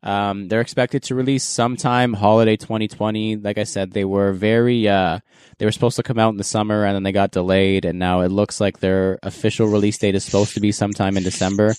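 Smooth low-voiced man hosting a podcast. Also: brisk, dry recording, clean studio sound. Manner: relaxed, hosting and giving sneaker reviews with laughs. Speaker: podcast host. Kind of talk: casual podcast chat.

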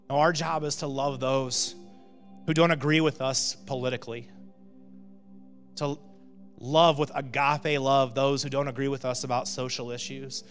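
A man's voice: medium pitch, fairly even intonation, moderate pace, clean tone. A male pastor giving a sermon in a conversational way, often checking in with "right?" and building to emphatic peaks. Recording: long reverb of a hall with faint music.

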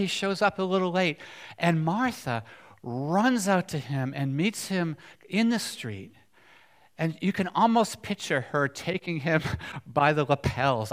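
A man delivers a sermon in a relaxed, conversational way. He keeps turning to the congregation with questions, and his voice swings from loud, emphatic stretches to hushed, near-whispered ones. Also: on the high side. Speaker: preacher.

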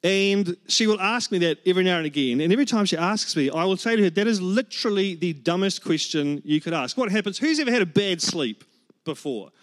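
Animated and brisk, this high-pitched pastor preaches a funny sermon. He jokes and tells stories, acting out the quotes.

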